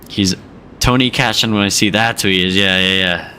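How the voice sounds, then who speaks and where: A man's voice: sits low, normal speed, pushed and bright, a little hiss or hum. A young man streaming a flight sim, chatting casually in slang and joking with viewers. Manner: slangy, joking, drops into put-on accents. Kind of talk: casual livestream chat.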